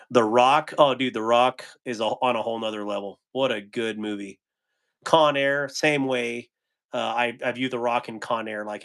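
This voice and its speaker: Male livestream host, casual and relaxed, mid-range voice, reads chat between chuckles. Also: medium pitch. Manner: laid-back, chuckles often, trails off with ums.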